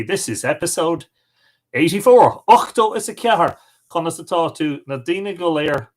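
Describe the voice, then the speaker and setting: A man's voice: mid-range voice, a bit bright. A man with an Irish accent hosting a live stream from home, cheerfully greeting viewers by name. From Ireland. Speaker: host.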